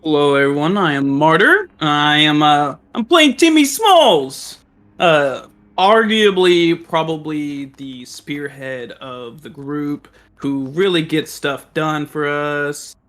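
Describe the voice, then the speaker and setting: A man's voice: on the high side, takes it slowly, fairly bright tone. A man introducing himself as a player in a tabletop game, joking and self-deprecating, with hesitant fillers. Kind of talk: casual chat in a tabletop game.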